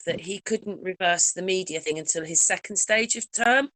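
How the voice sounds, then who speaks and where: A woman chatting casually as a host, animated, acting out quotes as she goes. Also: fairly low pitch, moderate pace, dry recording. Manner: animated, acts out quoted voices. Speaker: channel host. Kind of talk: casual conversation.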